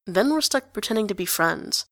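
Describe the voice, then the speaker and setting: A woman's voice: mid-range voice, lively intonation, moderate pace, no room sound, close to an everyday voice. Woman reading as snarky teen guy, dry close mic, mid voice. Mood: sardonic. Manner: sardonic, casual. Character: sarcastic teenage boy, blunt and swearing.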